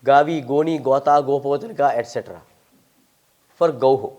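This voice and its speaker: An elderly-leaning scholar of Sanskrit from India takes audience questions at a moderate pace, his medium-pitched voice darkish in tone. He lectures emphatically in Indian English, with a wry sense of humour.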